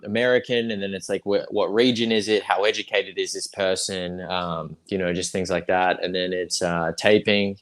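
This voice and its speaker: A young adult man, a guest actor chatting casually on a livestream, rambling with lots of fillers and restarts. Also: low voice.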